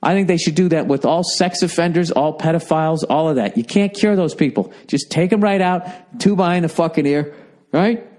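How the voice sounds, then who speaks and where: A man's voice: a little high, fairly quick, darkish tone. A man from the United States hosting his own podcast, ranting alone in a heated, sarcastic, profane way. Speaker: podcast host. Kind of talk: solo rambling rant.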